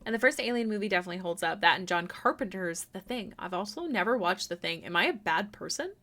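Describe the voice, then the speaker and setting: A young woman chatting casually with her viewers on a live art stream, self-deprecating and prone to sudden excited exclamations. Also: mid-range voice, quick pace. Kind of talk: casual live-stream chat while drawing. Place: home room.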